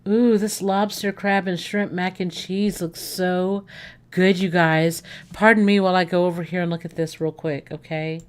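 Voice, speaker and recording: A woman hosting a casual livestream, chatting excitedly. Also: on the low side, moderate pace, clear, resonant tone. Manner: excitable, gushing, talks to viewers. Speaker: livestream host.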